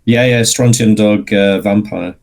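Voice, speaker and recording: A man, a guest on a casual interview podcast, explaining his craft patiently with plenty of pauses and fillers. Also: on the low side, steady tone, creaky, a little mellow, a little hiss or hum. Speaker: guest, miniature sculptor and painter.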